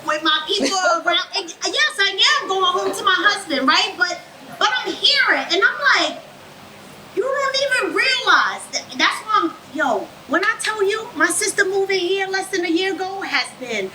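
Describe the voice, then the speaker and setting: High-voiced woman host telling a story. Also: normal speed, reverberant. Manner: animated storytelling. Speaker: podcast co-host, therapist. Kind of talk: live podcast talk. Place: patio bar. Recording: loud background noise.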